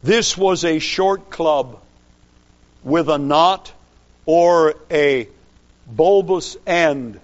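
A man preaching a sermon in a slow, deliberate way, pausing to stress single words. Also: fairly high pitch, highs cut off.

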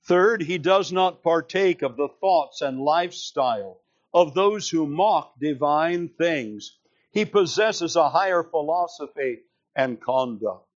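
A man preaching an expository sermon, explaining scripture slowly and with emphasis. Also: a little high, lively intonation, muffled recording. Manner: slow, deliberate, emphatic reading of scripture.

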